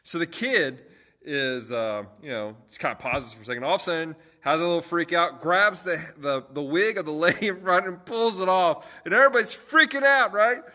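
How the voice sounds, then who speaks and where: A man's voice: on the high side, normal speed, sharp tone. A young man, a youth pastor, chatting casually on a livestream and telling stories with lots of fillers and restarts.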